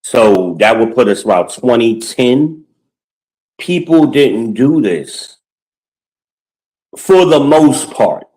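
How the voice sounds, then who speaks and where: A middle-aged man with a mid-pitched voice talks through a casual podcast monologue. His delivery is blunt and full of profanity, the sound of someone venting opinions and stories straight to his listeners. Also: lively intonation, slow pace, long pauses, darkish tone, rough recording. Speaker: podcast host.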